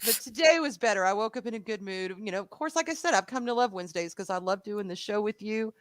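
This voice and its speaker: A woman with a Southern US accent co-hosting a live show in casual, animated chat, swearing freely. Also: medium pitch, fast talker, dry recording.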